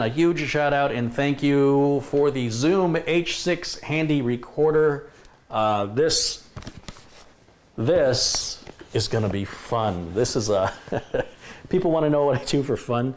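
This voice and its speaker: A man's voice: medium pitch, a little hiss or hum. A man hosting a casual tech live stream, chatting enthusiastically with viewers. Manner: chatty, enthusiastic, reads viewer comments aloud.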